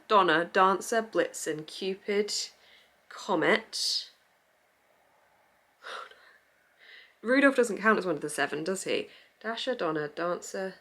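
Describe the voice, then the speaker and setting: A woman's voice: on the low side, sharp tone. A young woman chatting casually on her reading vlog, rambling, giggly and easily sidetracked. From England. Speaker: book vlogger.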